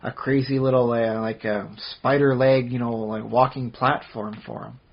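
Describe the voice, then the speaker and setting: On dull lo-fi podcast audio, a male co-host with a gravelly, mid-range voice chats casually at normal speed in a steady tone. He rambles, with many fillers and restarts.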